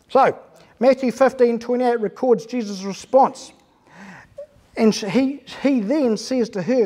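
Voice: mid-range voice, lively intonation, a little slow, warm tone, breathy edge. A pastor preaching an earnest, emphatic sermon in church, asking the congregation rhetorical questions.

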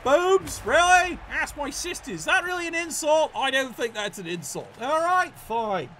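A man commentating a tabletop-style video game match casually, excitable and profane, stammering when worked up. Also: very high voice, normal speed, slight background noise.

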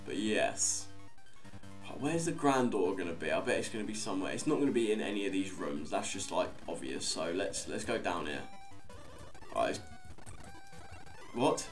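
A man's voice: sits low, animated, moderate pace, pauses often. A young man giving casual, rambling commentary on a game he is playing, swearing now and then. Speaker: Let's Play host. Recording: faint guitar music behind.

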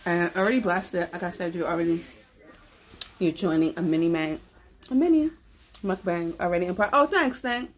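A woman filming a casual mukbang at home, chatting to the camera held close to her face while she eats, relaxed and full of slang. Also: lowish voice, fairly quick. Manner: relaxed, slangy, giggly, talks while eating. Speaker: mukbang vlogger. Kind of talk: casual eating chat to camera. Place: at home, indoors.

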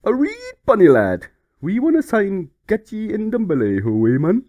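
Bloke doing a drunk geordie guy, slurry and loud, pitched up. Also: huge pitch swings, moderate pace. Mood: rowdy. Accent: put-on Geordie. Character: drunk Geordie club man, rowdy.

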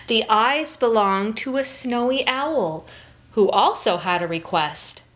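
A woman reading a picture book aloud to children in a slow, expressive way. Her voice is a bit higher than average and moves lively up and down. She takes her time with each phrase. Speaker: children's story time reader.

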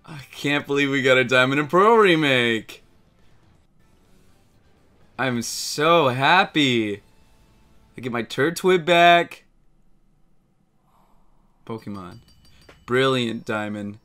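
A young man doing a live reaction, excitable and breaking into shouts. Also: mid-range voice, slow, pauses often, smooth. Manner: excitable, shouts and laughs in bursts. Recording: faint music in the background.

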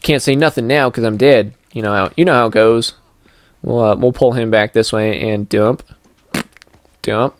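A man's voice: medium pitch, fairly even intonation, moderate pace, dry recording. A young man talks through a stealth game at home in casual, rambling let's-play commentary. He is chatty and goofy, slipping into playful sing-song asides, with an ordinary mid-range voice. The sound is dry and close on a desk microphone. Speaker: gameplay commentator.

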